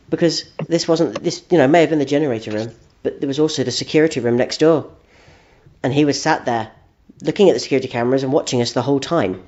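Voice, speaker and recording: On dull, lo-fi audio with a faint noise floor, a podcast co-host continues a silly story for a comedy show, sounding dry and hesitant. He talks quickly in a medium-pitched, slightly mellow voice.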